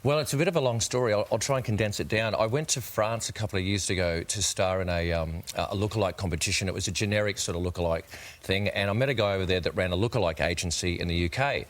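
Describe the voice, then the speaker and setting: Australian man, thirties, lowish voice, relaxed self-deprecating guest chat. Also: fast talker, few pauses. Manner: chatty, self-deprecating, many fillers. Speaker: interview guest, tribute singer. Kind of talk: casual TV interview chat.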